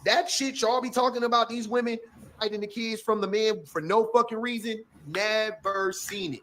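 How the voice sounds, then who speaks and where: A man giving casual, blunt reaction commentary on a clip, profane and animated, stumbling and restarting often. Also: sits high, moderate pace, a little hiss or hum.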